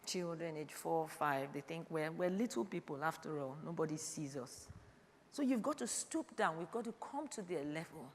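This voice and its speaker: A woman in her fifties preaching a sermon, calling out to her listeners and swinging between loud urging and quiet reflection. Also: sits low, animated, normal speed. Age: 50s. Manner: calls out "Hello?" to the congregation, swings from loud to quiet. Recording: long hall reverb.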